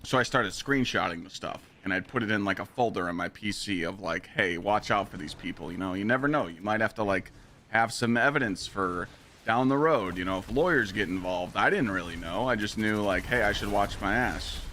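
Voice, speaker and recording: A man streaming live, telling a story in a casual, profane and animated way. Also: on the low side, fairly quick, slight background noise.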